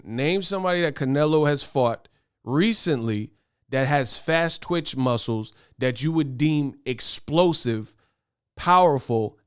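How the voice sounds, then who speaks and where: A young man hosting a boxing commentary livestream, talking fast in slang, excitable and laughing as he reads viewer chat. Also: mid-range voice, clean tone, no room sound, studio quality. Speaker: boxing commentary show host.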